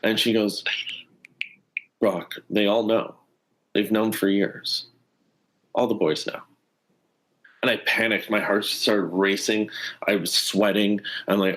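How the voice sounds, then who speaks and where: A man from Canada with a slightly low voice speaks in a relaxed interview. He tells a personal story with earnest energy and briefly voices the people in it. He sounds like a former athlete in his thirties. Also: slow pace, pauses often. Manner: earnest, animated, acts out quoted dialogue. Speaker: former pro hockey player, guest. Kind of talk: conversational storytelling.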